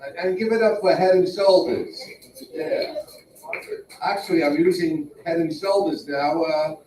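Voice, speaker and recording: A man's voice: a little high, roomy sound, far from the mic, noisy background. A man hosting an open mic, doing punchy stand-up emcee banter and repeating his catchphrase. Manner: punchy, repeats "let me tell you". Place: small comedy venue.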